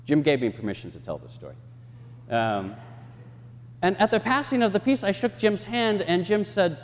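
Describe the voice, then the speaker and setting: A man preaches a sermon in a church, acting out the people and voices he quotes. His voice sits a little high and swings widely in pitch. A long reverb from the sanctuary trails each phrase. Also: moderate pace, a little hiss or hum. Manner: expressive, acts out quoted voices. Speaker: pastor.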